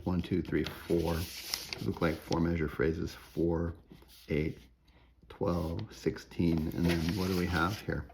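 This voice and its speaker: A very deep-voiced man with a gravelly edge walks through a music theory lecture. He thinks aloud, keeps asking "right?", and hums tunes in nonsense syllables. A faint hiss sits under the recording. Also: flat delivery, slow pace. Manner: frequent tag questions.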